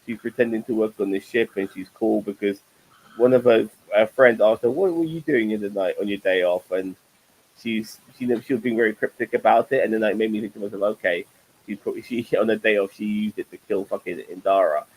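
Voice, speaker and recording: A man's voice: lowish voice, a little fast, breathy edge, low-quality recording. A middle-aged man hosting a casual TV review chat show, rambling and swearing freely. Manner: profane, rambling, animated.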